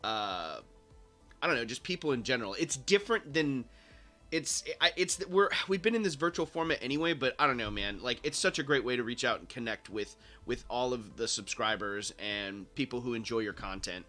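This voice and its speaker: A man chatting on a livestream from a home studio, laughing often and talking excitably with many restarts. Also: mid-range voice, moderate pace, soft background music. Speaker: guest co-host. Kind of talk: casual livestream chat. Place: home studio in a bedroom corner.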